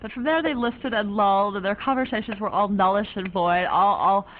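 An actress takes the role of a free-spirited young woman phoning a friend, rambling breezily and offbeat in quirky, ornate slang. Her medium-pitched voice moves fairly quickly and stays close to how she'd normally talk, and the audio is thin and phone-like with faint hiss.

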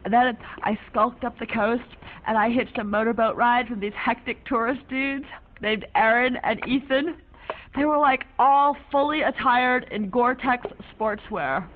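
A woman's voice: fairly high pitch, unhurried, lightly acted. An actress playing a young woman on a one-sided phone call, rambling in quirky, ornate slang. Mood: breezy. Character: free-spirited young woman, chatty and offbeat. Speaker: young woman calling a friend. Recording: narrow phone-like sound, faint hiss.

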